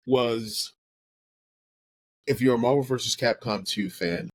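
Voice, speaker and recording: A man hosting a casual geeky chat, excitable, stammering and restarting, his voice jumping high when animated. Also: poor audio. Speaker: podcast host.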